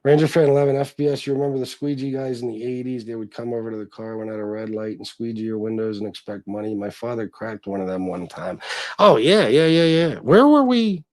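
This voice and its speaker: A man's voice: medium pitch, brisk, dry recording. A middle-aged man hosting a casual livestream, reading chat comments and talking in a blunt, profane, self-deprecating way.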